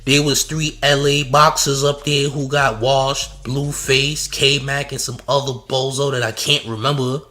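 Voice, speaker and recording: A man's voice: mid-range voice, level tone, measured pace, few pauses, bright, forceful tone. A man hosting a streamed commentary show, speaking in a mocking, trash-talking way.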